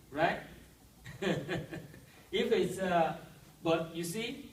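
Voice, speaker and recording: A man's voice: sits high, extremely slow, long pauses, roomy sound, far from the mic, a little hiss or hum, low-quality recording. A man teaching a language class, explaining step by step and often checking with "right?". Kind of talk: classroom lesson.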